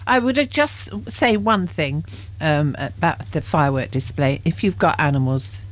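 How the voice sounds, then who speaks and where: A middle-aged woman co-hosts local radio, chatting and teasing her partner. Her voice sits low for a woman, and her talk is relaxed and playful. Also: normal speed. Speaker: radio co-host. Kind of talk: casual radio chat.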